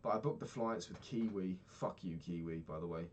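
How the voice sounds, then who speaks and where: Young man, low voice, casual sweary vlog ranting. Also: moderate pace, slight background noise. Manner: rambling, swears a lot, ranting. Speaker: vlogger.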